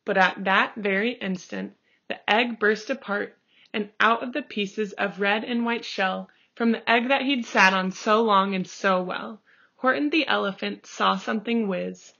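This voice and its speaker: A woman reading a picture book aloud, slow and expressive, calling out the page turns. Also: mid-range voice, creaky. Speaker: storybook reader. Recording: dull lo-fi recording.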